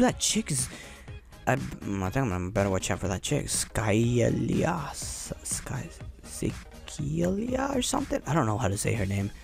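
Excitable male gamer, lively pitch. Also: gravelly. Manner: excitable, playful, rambling. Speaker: gamer commentator. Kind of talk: casual gameplay commentary.

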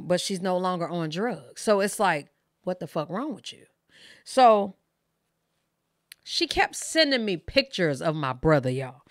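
A woman's voice: fairly low pitch, fairly bright tone, no room sound, studio quality. A woman in her thirties, hosting her channel and telling her viewers a candid, emotional personal story in casual, profane speech. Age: 30s. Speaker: reaction channel host.

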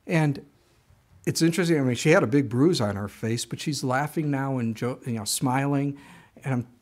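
An older man delivers a sermon in a relaxed, conversational way. His voice sits at an everyday middle pitch, and he often restarts a thought or drops in a quick aside before moving on. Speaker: pastor.

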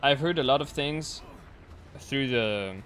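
A man's voice: mid-range voice, takes it slowly, a bit bright, a little hiss or hum. A man in casual gaming chat, rambling and restarting his sentences as he explains his views. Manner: rambling, many restarts and fillers. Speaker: streamer and player.

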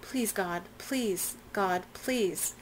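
A woman's voice: medium pitch, extremely slow, a little hiss or hum, poor audio. Earnest young servant girl, humble and eager, read by a woman. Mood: pleading.

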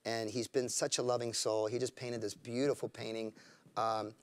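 A man, a rock band frontman, chatting as a guest in an interview, enthusiastic and warm, leaning on fillers. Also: mid-range voice, level tone, normal speed. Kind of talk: casual interview chat. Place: studio, for a live web broadcast. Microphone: studio microphone.

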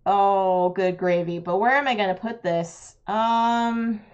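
A woman's voice: medium pitch, steady tone, takes it slowly, dull audio. A woman, chatting with viewers while playing a roll-and-write game on a live stream, laughing often.

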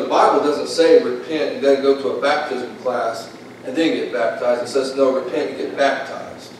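A man's voice: mid-range voice, a little mellow. A man preaching a sermon as pastor, folksy and plain-spoken, building into impassioned, repetitive calls. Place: church sanctuary. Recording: echoey room from far off, faint hiss.

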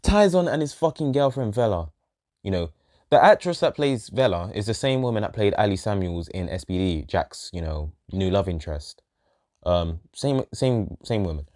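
A man's voice: on the low side, lively intonation, normal speed, darkish tone. A man ranting in a show review, exasperated and profane, repeating himself and trailing off in sighs. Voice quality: exasperated, sweary, repetitive.

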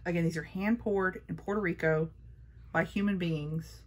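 A woman talks her way through a makeup haul in a relaxed, chatty way. Her voice sits a little low. She gushes and says the same praise over and over. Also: moderate pace. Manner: gushing, chatty, repeats praise. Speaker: beauty vlogger. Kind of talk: casual makeup haul chat.

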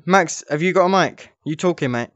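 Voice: mid-range voice, fairly bright tone, lo-fi sound, slight background noise. Bossy vlogger giving orders. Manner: bossy, laughing, gives quick instructions. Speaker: vlogger directing other players. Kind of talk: casual game chat.

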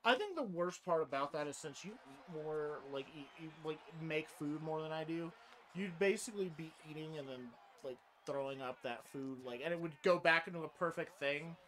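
A man co-hosting a casual comedy podcast, goofy and quick to laugh, acting out silly quoted lines. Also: a little high, a bit bright. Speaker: podcast co-host.

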